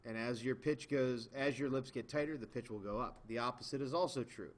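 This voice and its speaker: Indoors before a camera, a man teaches music to beginners in a video lesson, staying patient and showing things as he talks. He speaks at medium pitch and a little fast.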